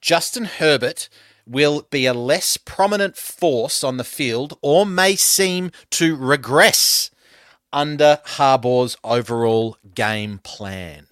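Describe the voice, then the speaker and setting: A man's voice: mid-range voice, takes it slowly, a bit bright, clear, resonant tone, no echo, studio quality. An Australian man hosting a sports podcast, talking in an emphatic, decisive way. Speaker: podcast host. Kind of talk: casual podcast chat.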